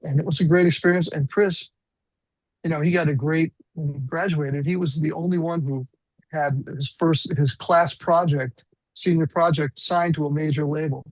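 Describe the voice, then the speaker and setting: A man's voice: on the high side, fairly even intonation, normal speed, no echo, rough recording. A man in his sixties, a guest musician, telling rambling, self-deprecating stories in a casual interview.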